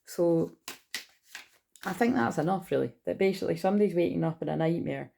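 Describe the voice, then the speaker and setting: A woman's voice: fairly low pitch, brisk, vocal fry, warm tone. A woman giving a casual, rambling tarot reading, listing card meanings and swearing freely. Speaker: tarot reader.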